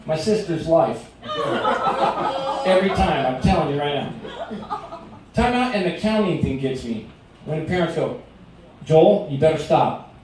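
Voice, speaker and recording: Animated middle-aged male comedian, echoey room. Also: fairly high pitch, normal speed, pauses often, background noise. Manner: animated storytelling, acting out shouted quotes. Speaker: stand-up comedian. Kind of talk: stand-up comedy set. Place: restaurant performance space. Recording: very echoey room recorded from a distance.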